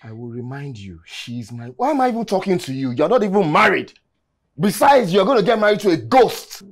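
An actor with a Nigerian accent playing an arrogant, violent husband and boss who mocks and threatens, bursting into shouts. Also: male voice, sits high, very animated, fairly quick, full character voice. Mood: contemptuous. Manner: menacing, mocking, shouting in bursts. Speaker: abusive husband and office boss. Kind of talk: film acting.

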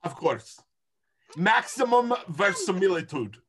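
A jokey, excitable player talking through a tabletop game. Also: medium pitch, unhurried, slightly rough. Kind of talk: casual tabletop game play.

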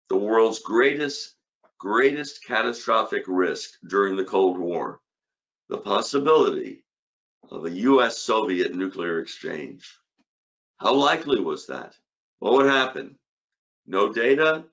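A man's voice: fairly low pitch, fairly bright tone, lo-fi sound. An older man giving an academic conference lecture on economics, emphatic, with rhetorical questions and punchy repeated short phrases.

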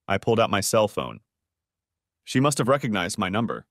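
A man narrating a dramatic first-person story in an expressive way, close to the mic. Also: fairly low pitch, fairly quick, long pauses, no room sound.

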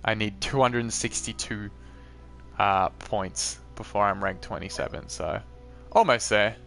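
A man's voice: on the low side, unhurried, creaky, fairly bright tone, soft background music. A man hosting a live gameplay stream in a casual, chatty way, talking to viewers and reacting to the game as he plays.

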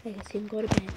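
A young woman casually narrating her gameplay, rambling and a little awkward, often dropping to a whisper. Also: medium pitch. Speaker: game vlogger. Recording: noisy home recording.

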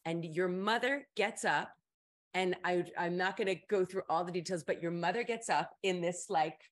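Woman, middle-aged, stream host, casual storytelling, animated, jumps to high voices for quotes. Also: moderate pace. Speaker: advice stream host, voice actor.

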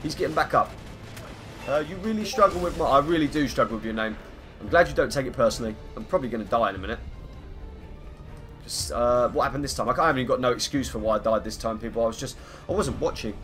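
A man's voice: mid-range voice, fast, a bit bright, soft background music. A young man streaming a game live, chatting in a rambling, self-mocking way and greeting viewers by name. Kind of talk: casual live-stream gaming chat.

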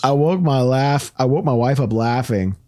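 A man's voice: mid-range voice, normal speed, warm tone, no echo. Man hosting a dry, close podcast. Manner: rambling storyteller, laughs through his own jokes. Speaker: podcast host. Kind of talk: casual podcast chat.

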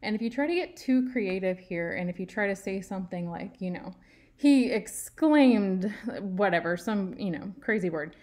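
A woman's voice: mid-range voice, brisk, hardly any pauses. A woman teaching writing in a tutorial, patient and step by step, leaning on key words for emphasis. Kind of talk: screen-share writing tutorial.

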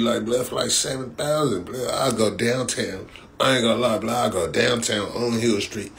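A man's voice: mid-range voice, normal speed. A man from Compton, hosting a casual livestream and trash-talking in a rambling, repetitive way. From Compton, California. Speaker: livestream host.

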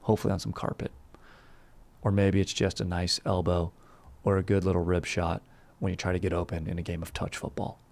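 A young man hosting a comedic history podcast in a loose, rowdy, jokey way with sudden shouted bursts. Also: sits low, flat delivery, brisk, creaky. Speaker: podcast host.

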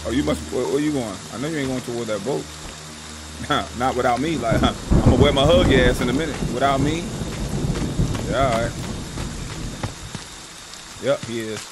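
A man's voice: medium pitch, normal speed, long pauses, heavy background noise. A man hosting a live gaming stream, ranting and trash-talking his viewers in a profane, casual way over game music. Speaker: gaming livestream host.

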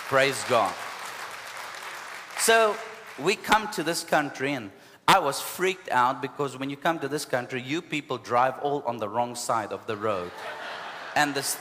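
A South African man preaching from the pulpit, telling his story with lively asides and frequent hallelujahs. His voice sits at an ordinary middle pitch. Long reverb from a church hall trails after his words. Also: slight background noise. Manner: animated, punctuated with hallelujahs and asides. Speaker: pastor. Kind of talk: storytelling sermon.

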